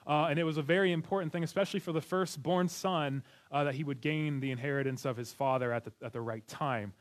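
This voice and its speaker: A man's voice: a little high, fairly even intonation, quick pace. A man preaching a sermon as a pastor, talking to his congregation in an earnest, conversational way. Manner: conversational, earnest, with restarts and light laughs.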